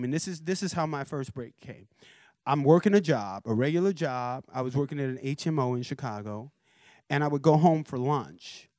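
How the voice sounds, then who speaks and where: A man, a record producer and guest speaker, telling a lively story at a university forum, acting out voices and chuckling often. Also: a little high, no room sound, clean studio sound. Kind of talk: animated storytelling talk.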